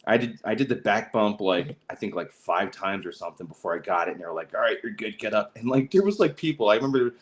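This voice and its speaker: A low-voiced man hosts a casual livestream, drifting through his anecdotes with constant fillers, stops and restarts. He slips into quick voices for the people in his stories, then falls back to his easygoing chat. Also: animated, low-quality recording. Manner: rambling storyteller, many fillers and restarts, acts out quotes. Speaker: podcast host.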